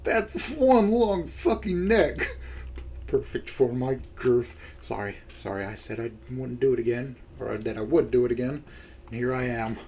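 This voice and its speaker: A man's voice: medium pitch, fairly even intonation, moderate pace, creaky, warm tone, slight background noise. A man reading a visual novel aloud and commenting as he goes, crude and self-mocking, often breaking into laughter. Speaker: let's-play reader.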